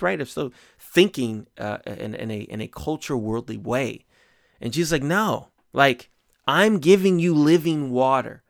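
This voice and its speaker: A man preaching in a relaxed, conversational way, stumbling over repeated words and filling pauses as he reads and explains scripture. His voice sits at an average pitch for a man. The sound is dry and close, with no room echo. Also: vocal fry. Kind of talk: informal sermon with scripture reading.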